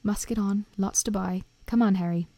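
A huge, gruff but kind gamekeeper with rough, folksy speech, as a woman reading aloud puts him on. The whispered role-play voice sits mellow and gravelly, close and dry in the room. It sounds like a storybook read softly. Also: medium pitch, fairly even intonation, moderate pace, no echo, close to an everyday voice. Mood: hearty. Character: huge gruff kindly man, half-giant gamekeeper.

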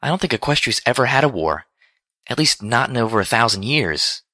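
A man's voice: mid-range voice, big pitch swings, a little fast, bright, forceful tone, no echo, studio quality, voice pushed up. A man voicing a studious, earnest female pony leader who speaks firmly. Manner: earnest, firm, commanding.

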